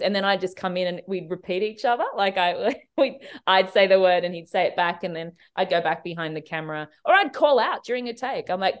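An Australian woman, a TV director, chatting in a casual podcast interview and telling animated stories full of quick asides. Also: lowish voice. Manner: animated storytelling with quick asides and frequent laughs. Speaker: TV director, guest.

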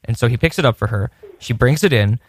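A man's voice: medium pitch, quick pace, no echo, clean studio sound. A man telling a rambling personal story in a casual podcast chat, with many restarts and laughs.

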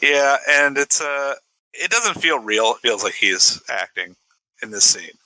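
A man's voice: medium pitch, lively intonation, a little slow, sharp tone, no room sound, low-quality recording. A man around forty co-hosting a podcast, giving hesitant, wry opinions on a film. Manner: hesitant, many restarts, wry. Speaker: podcast co-host. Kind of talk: casual film discussion.

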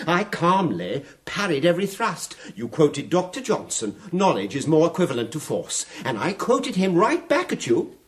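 A sly, mocking fire captain in a radio drama. He speaks in a silky, taunting way, and his pitch swings widely as he quotes verse.

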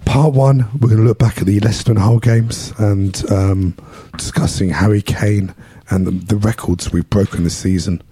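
A man with a London English accent hosts a casual podcast, his voice hoarse and rough after losing it. He sounds dark and mellow, recorded close and dry. He is self-deprecating and laughs easily. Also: on the low side, flat delivery, moderate pace, hardly any pauses, no room sound. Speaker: podcast host.

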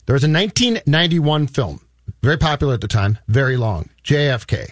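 A man's voice: mid-range voice, animated, brisk, dry recording, clean studio sound. A man cohosting a casual movie review chat, explaining his points in rambling runs with restarts. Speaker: podcast cohost.

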